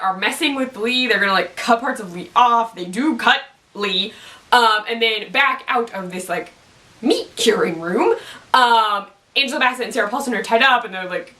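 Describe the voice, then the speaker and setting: Bright, chatty woman vlogger. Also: a little high, far from the mic. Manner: chatty, full of "like" and "um", excitable asides. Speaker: YouTube TV recap host. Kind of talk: casual chat.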